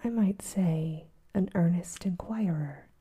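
A woman's voice: lowish voice, slow pace, dark tone, breathy edge, exaggerated voice. A woman whispering as a nervous young journalist. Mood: earnest. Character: earnest young male Irish journalist, nervous but bold. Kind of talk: whispered role-play.

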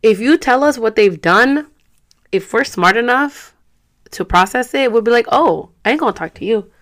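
A woman's voice: a little high, lively intonation, normal speed, a bit bright. A woman in her thirties ranting to her viewers in a casual vlog, frustrated and profane, slipping in Spanish words. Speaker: vlogger.

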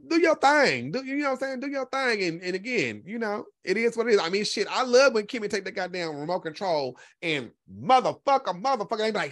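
Sassy, profane man swinging high and low. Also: fairly bright tone. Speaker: host. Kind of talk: casual livestream monologue answering chat.

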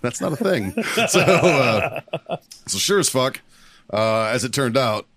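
A man's voice: medium pitch, big pitch swings, slow pace, a bit bright, no room sound. A man hosting a podcast, telling a crude war story in casual chat, swearing and laughing a lot. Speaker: podcast host, Marine veteran.

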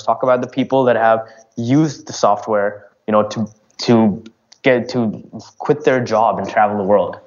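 A man answering interview questions about his business in a casual, halting way, full of fillers and restarts. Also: medium pitch, lo-fi sound. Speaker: startup founder.

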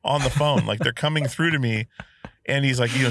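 A man's voice: mid-range voice, normal speed, no echo, clean studio sound. A man hosting a podcast, telling a long casual story full of fillers and asides. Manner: animated storyteller, many fillers. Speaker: podcast host.

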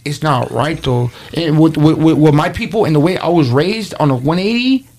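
A man's voice: on the high side, normal speed, a little mellow. A man in his thirties from the Los Angeles area, talking bluntly as a podcast guest and swearing often. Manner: blunt, profane street talk with repeated phrases. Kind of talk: casual chat.

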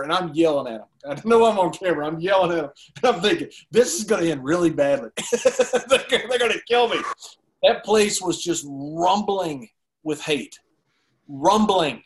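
Male interview guest, fairly high voice, animated storyteller who laughs along.

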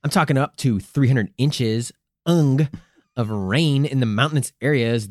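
A man's voice: mid-range voice, a little slow, no echo, clean studio sound. A man co-hosting a comedic history podcast, narrating in a crude, profane, playful way with silly vocal asides. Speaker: podcast co-host.

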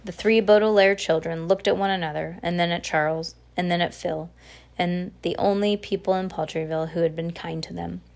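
A woman's voice: fairly low pitch, steady tone, fairly quick, vocal fry, darkish tone. A woman reading a children's novel aloud, unpolished, with frequent slips and restarts. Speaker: audiobook reader. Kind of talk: casual read-aloud of a novel.

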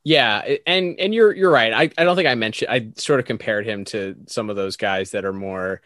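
A man with a lowish voice talks through a review on a podcast, rambling and restarting his sentences as he goes. The sound is dry and close-miked. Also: normal speed, fairly bright tone, no room sound. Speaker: podcast co-host. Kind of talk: casual review chat.

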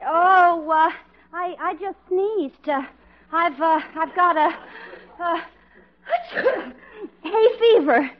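An actress playing a quick-witted wife who covers for her husband with theatrical fibs in a sitcom. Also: very high voice, noisy background. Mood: scheming. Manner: fast, fibbing, theatrical. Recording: dull old TV soundtrack.

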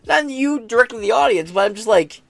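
A man's voice: very high voice, lively intonation, brisk, creaky, a bit bright, no room sound. An American man hosting a podcast, reacting to news in a blunt, profane rant. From United States. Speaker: podcast host. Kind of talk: casual reaction commentary.

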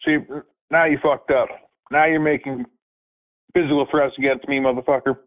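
A man's voice: medium pitch, fairly even intonation, moderate pace. Male call target, tinny phone audio: raised, threatening, swearing. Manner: angry, threatening, profane. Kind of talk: heated phone argument.

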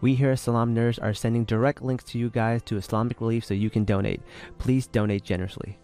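A man's voice: medium pitch, flat delivery, quick pace, warm tone, faint music behind. A man reading a scripted appeal in an earnest tone. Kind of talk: read public appeal.

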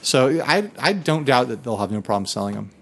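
A man's voice: medium pitch, animated, fairly quick, gravelly, a bit bright. A man co-hosting a casual guitar podcast, laid-back and chuckling as he talks. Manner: laid-back, laughs while talking. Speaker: podcast co-host. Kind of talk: casual chat about guitars.

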